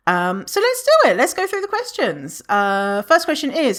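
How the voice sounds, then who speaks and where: A woman chatting on her own podcast, with a pitch that swings high and low. She talks casually and playfully and keeps slipping into mock voices to act out what others say. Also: normal speed, few pauses. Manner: playful, animated, acts out other people's remarks in mock voices. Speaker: podcast host. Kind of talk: casual solo podcast chat.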